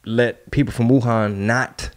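A male podcast host talking in a casual, slangy way. His pitch sits in the middle range. He builds his points through strings of heated rhetorical questions. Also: steady tone, a little slow.

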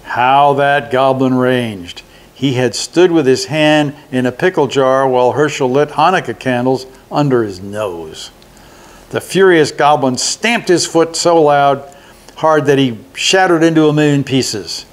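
An older man, a resident, reading a holiday children's story aloud in a slow, deliberate way. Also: mid-range voice.

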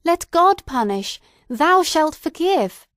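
A woman's voice: high-pitched, big pitch swings, slow pace, a bit bright, dry recording, voice pushed up, heavily acted. A passionate, desperate woman pleads in a raised, impassioned voice, as a woman reader puts her on. The sound is close and dry, with no room around it.

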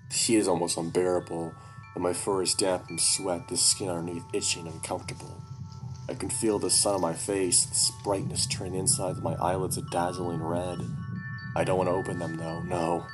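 A man reading a first-person horror story aloud at a steady, even pace. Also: sits low, normal speed, music in the background. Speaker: audiobook narrator.

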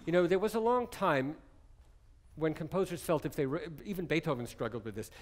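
A man's voice: on the high side, expressive, fairly quick. A man giving a conversational, jokey music lecture, often digressing as he explains a piece. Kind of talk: lecture-demonstration on chamber music.

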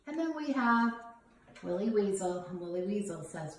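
A woman teaching young children a phonics lesson in a slow, sing-song teacherly way, sounding out letters. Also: medium pitch, lively intonation, a little hiss or hum. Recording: roomy home recording from a distance.

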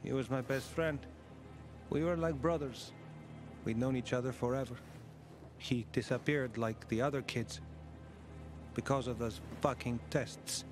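Curious young villager played by a man, earnest, mid-pitched game voice over music. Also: steady tone, a little slow, pauses often, close to an everyday voice. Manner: inquisitive, earnest.

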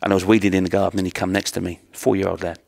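Gravelly-voiced man telling a story. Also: sits low, little pitch movement, rapid-fire, darkish tone. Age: middle-aged. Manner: earnest, plain-spoken, with repeated rhetorical questions. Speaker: martial arts instructor. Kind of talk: storytelling talk.

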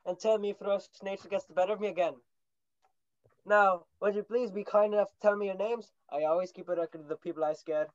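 A small, cheerful male teddy bear who is slightly Irish, polite and chatty, with playful growls, played by a woman in a high school stage play. The voice sits mid-range. The recording is dry and a bit dull. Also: fairly even intonation, quick pace, dry recording, lightly acted. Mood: friendly.

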